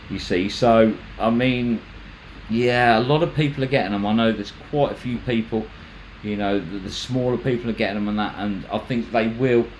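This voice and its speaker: A man's voice: lowish voice, slight background noise, poor audio. Chatty man hosting a livestream. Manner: chatty, rambling, stumbles and restarts. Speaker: magnet fishing channel host. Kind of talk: casual livestream chat reading viewer comments.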